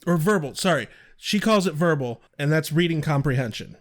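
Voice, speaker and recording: A man's voice: on the high side, expressive, brisk. A man co-hosting a podcast in casual chat, explaining at length and swearing freely. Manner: profane, chatty, explains at length. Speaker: podcast co-host.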